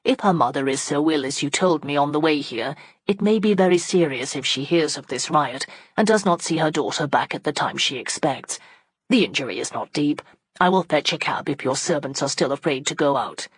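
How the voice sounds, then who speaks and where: A composed middle-aged surgeon speaks in calm, matter-of-fact tones, as a woman narrator lowers her voice for him. The recording is dry and close. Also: a little fast, husky, dry recording. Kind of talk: audiobook character voice.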